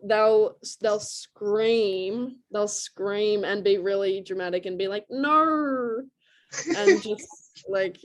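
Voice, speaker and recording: A woman's voice: mid-range voice, takes it slowly, hardly any pauses, darkish tone, slight background noise. A young woman with an Australian accent talks over a video call. Her speech is chatty and loose, with lots of "like" fillers and frequent laughs. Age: young adult. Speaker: interview guest, college lacrosse player. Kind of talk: casual video call interview.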